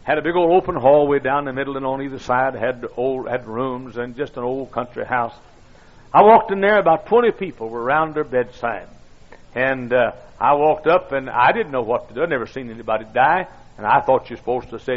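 A man's voice: mid-range voice, moderate pace, dull audio. An older man, a pastor, telling stories in a folksy, self-deprecating sermon with many fillers and restarts. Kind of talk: storytelling sermon.

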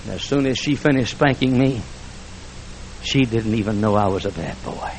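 A man preaching a fiery church sermon, swinging between shouted lines and hushed speech with emphatic repetition. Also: on the low side, moderate pace, slight background noise, rough recording. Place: church sanctuary before a congregation.

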